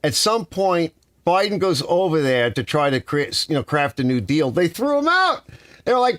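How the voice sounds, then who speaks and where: A man's voice: on the high side, very animated, moderate pace, fairly bright tone, no room sound. A man in his sixties ranting casually and sarcastically on a live stream from his home garage workshop. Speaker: garage channel host.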